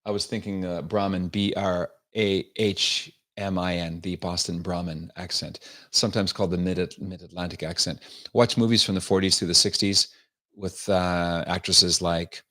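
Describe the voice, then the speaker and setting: A man hosting a political livestream, talking with scornful sarcasm and firm opinions. His voice sits fairly low for a man. He moves between commentary and greeting viewers from the chat. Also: steady tone, normal speed, fairly bright tone. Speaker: show host.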